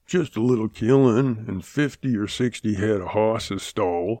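A man's voice: fairly low pitch, normal speed, mellow, dry recording, lightly acted. A man voicing a surly, sneering cowhand in a western audiobook, with a growling drawl.

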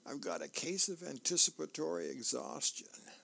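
A man's voice: fairly high pitch, normal speed, vocal fry, a bit bright, voice pushed up, full character voice. A man doing a weary older dad, dry.

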